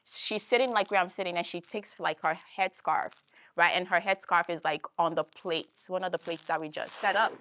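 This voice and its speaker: A young woman with a Philadelphia accent telling a personal story in a talk, animated and full of fillers, acting out the voices she quotes. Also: on the low side, normal speed. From United States. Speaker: guest speaker.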